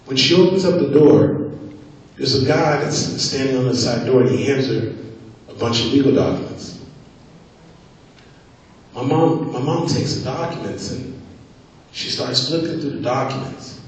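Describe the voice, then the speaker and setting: A man's voice: mid-range voice, lively intonation, unhurried, long pauses. A man giving a live motivational speech on stage, telling a story emphatically and repeating phrases for effect. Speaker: motivational speaker. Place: stage in a large event hall. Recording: echoey hall from far off.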